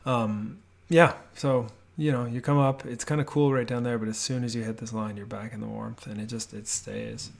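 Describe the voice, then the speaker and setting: Gravelly relaxed man narrating a house tour. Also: medium pitch, normal speed, few pauses. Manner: relaxed, rambling, many fillers and restarts. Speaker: homebuilding vlogger. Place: home office.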